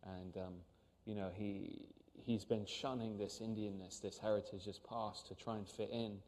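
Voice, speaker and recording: A man, an actor, talking earnestly and haltingly in an interview on stage, with many restarts. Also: lowish voice, steady tone, a little mellow, long reverb tail. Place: on a stage before an audience.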